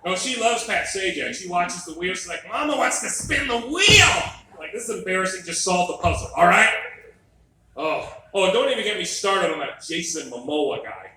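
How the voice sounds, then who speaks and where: A middle-aged man doing a stand-up comedy set in a club, wry and animated, teasing the crowd. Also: high-pitched, moderate pace, slight background noise. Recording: live club mic, echoey room, distant.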